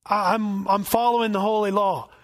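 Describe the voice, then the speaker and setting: A man's voice: high voice, little pitch movement, normal speed, lightly acted. A man voicing the apostle Peter, stubbornly protesting and justifying himself in a sermon retelling.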